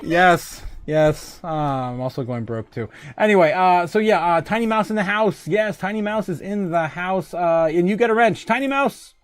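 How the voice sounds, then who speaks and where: A man's voice: sits high, moderate pace, hardly any pauses, no echo. A man hosting a casual livestream who reads out viewer comments, rambling and joking and laughing often. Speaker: livestream host.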